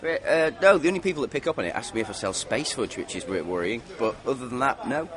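A man's voice: medium pitch, animated, fast talker, fairly bright tone. A man selling fudge at a show, answering questions in a laid-back, modest way. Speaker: fudge seller. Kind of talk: casual interview answers.

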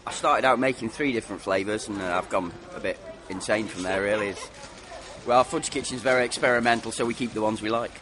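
A man's voice: fairly low pitch, fast. A man selling fudge at a show, answering questions in a laid-back, modest way. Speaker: fudge seller. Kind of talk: casual interview answers.

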